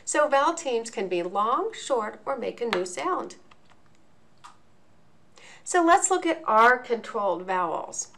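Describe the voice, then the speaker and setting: A woman teaching a lesson in a video, explaining each point slowly and enunciating clearly. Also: a little high, sing-song, fairly bright tone. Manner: slow, deliberate, clearly enunciated.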